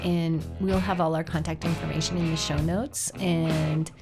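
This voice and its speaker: A woman's voice: low-pitched, little pitch movement, normal speed, over music. A woman hosting a podcast and running a law firm, chatty and upbeat, often laughing. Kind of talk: casual chat.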